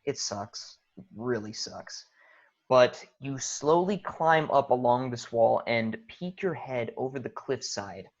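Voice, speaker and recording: A man narrating a tabletop game as game master, telling the scene in a loose, animated way with fillers. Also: mid-range voice, takes it slowly, dull audio.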